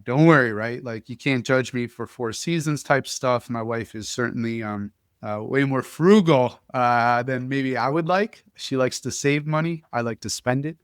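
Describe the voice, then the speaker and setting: A man hosting a podcast who tells stories in an animated, casual way, often restarting his sentences. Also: medium pitch, normal speed, few pauses, smooth, no echo, clean studio sound. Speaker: podcast host. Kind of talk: casual conversational storytelling.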